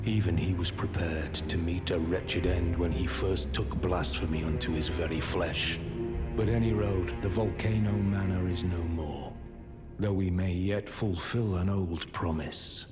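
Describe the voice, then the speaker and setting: A stern, deep-voiced zealot. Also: male voice, fairly even intonation, a little slow. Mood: grim. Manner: formal, archaic and grim. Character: stern male zealot of a fallen order. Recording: game audio with loud music.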